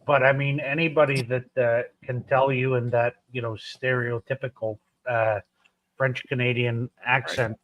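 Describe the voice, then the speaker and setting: A man's voice: mid-range voice, level tone, normal speed, dry recording, highs cut off. A man chatting casually with friends on a livestream, laughing easily. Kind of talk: casual chat.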